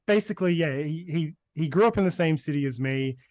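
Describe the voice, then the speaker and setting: Man, Brisbane Australian accent, rambling casual chat, slightly high voice, dry close mic. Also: fairly quick, a little mellow, no echo. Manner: rambling, many fillers. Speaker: podcast co-host.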